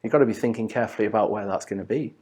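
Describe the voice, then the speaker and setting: A man's voice: lowish voice, racing, darkish tone, breathy edge. A man, a business advisor co-hosting a podcast, chatting in an easygoing, joking way and adding examples. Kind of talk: casual conversational podcast chat.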